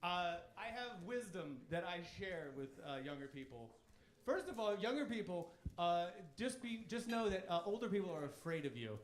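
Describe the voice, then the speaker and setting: Man in his thirties, stand-up comic, high voice, cocky and crude, echoey club room. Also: very animated, normal speed, a little hiss or hum. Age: 30s. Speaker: stand-up comedian. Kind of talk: stand-up routine. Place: comedy club stage.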